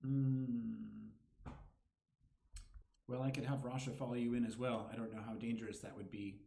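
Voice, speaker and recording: A man's voice: medium pitch, little pitch movement, moderate pace, mellow, echoey room. A man playing a tabletop game, musing thoughtfully about his options. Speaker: player.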